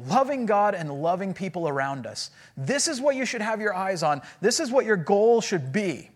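Pastor, male, high-pitched voice, animated and conversational storytelling sermon. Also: normal speed.

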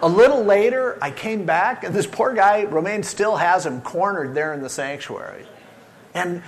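An older male pastor preaches a sermon at a moderate pace, urging his listeners and swinging from loud pushes to hushed, low lines.

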